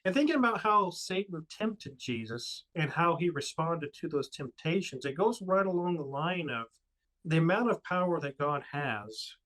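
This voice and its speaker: Earnest, emphatic man with a higher voice. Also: a bit bright, low-quality recording. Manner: earnest, emphatic about faith. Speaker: co-host. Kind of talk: casual podcast discussion.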